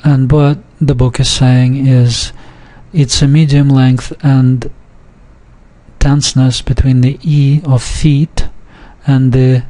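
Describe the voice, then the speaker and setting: A man teaching from a textbook in a recorded lesson, reading example words slowly and patiently with frequent hesitations. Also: medium pitch, little pitch movement, mellow. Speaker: language teacher.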